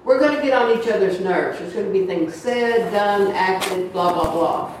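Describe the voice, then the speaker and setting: A woman's voice: mid-range voice, moderate pace. Echoey woman telling church stories. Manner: animated, acts out voices in her stories, laughs often. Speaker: church speaker. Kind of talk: storytelling sermon. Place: church hall. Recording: echoey church from far off, faint noise.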